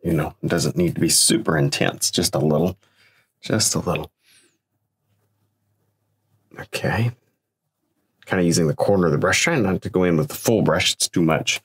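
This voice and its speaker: Low husky man demonstrating painting. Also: fast, few pauses, no room sound. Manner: relaxed, thinks aloud, encouraging. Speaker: painting instructor.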